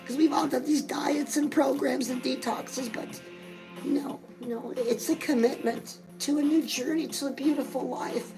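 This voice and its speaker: Woman host, middle-aged, high and gravelly, gushing chatter aimed at her girls. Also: steady tone, measured pace, music in the background, low-quality recording. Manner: gushing, chatty, keeps calling the viewer girl. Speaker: fitness and lifestyle show host. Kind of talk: comedic character monologue.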